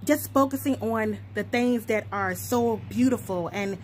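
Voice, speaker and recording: A woman's voice: on the high side, a little slow, slight background noise. A woman vlogger sitting outdoors, talking in a thoughtful, earnest, reflective way. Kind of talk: reflective casual vlog.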